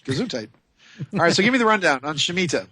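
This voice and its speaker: Male radio host, chatty and rambling, slightly high voice, dry close sound. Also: big pitch swings, quick pace, sharp tone, breathy edge, no room sound. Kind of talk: casual radio talk.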